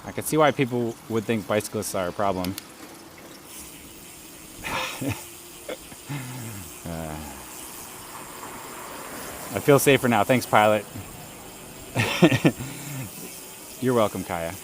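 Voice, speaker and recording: A man's voice: fairly low pitch, lively intonation, takes it slowly, pauses often, slight background noise. A man chatting casually on a live stream while riding a bike outdoors, laughing often and greeting viewers. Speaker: bike livestreamer. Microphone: camera rig on the bike.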